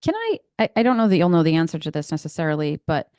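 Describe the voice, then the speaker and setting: Woman podcast co-host, slightly low voice, probing questions, dry sound. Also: very animated, quick pace, a little mellow, no echo. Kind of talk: casual conversational chat.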